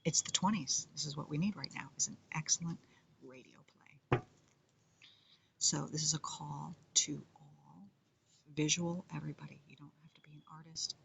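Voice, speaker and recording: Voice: mid-range voice, fairly even intonation, normal speed, creaky, noisy background. A comedian and musician in a rambling casual monologue, playful and self-mocking, often drifting into whispers.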